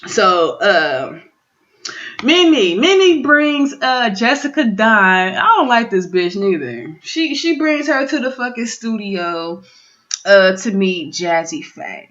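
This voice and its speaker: A woman's voice: mid-range voice, sing-song, slow, a bit bright, lo-fi sound. A woman giving a casual, profane recap of a reality show, bluntly acting out the cast's lines. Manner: blunt, profane, dramatic quoting of cast members.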